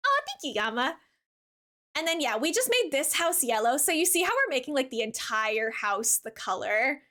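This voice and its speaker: A bubbly woman streamer chats casually with her viewers while she plays. Her voice sits high and sounds bright. She talks in a giggly way, full of "like" fillers, and gushes warmly at her chat. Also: big pitch swings, normal speed. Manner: warm toward chat, gushing.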